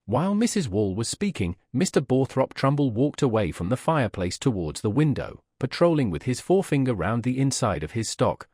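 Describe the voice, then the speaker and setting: A man reading a classic novel aloud as an audiobook narrator, in a measured, expressive way. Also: medium pitch, no echo, clean studio sound. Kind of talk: scripted narration.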